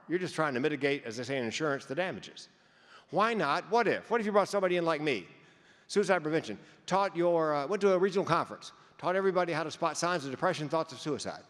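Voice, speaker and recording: A man with a fairly high voice gives a keynote talk, telling stories in a conversational way with a comic's timing. He sometimes repeats words as he goes. A long reverb from the conference hall trails behind his words. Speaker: keynote speaker. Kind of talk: storytelling keynote speech.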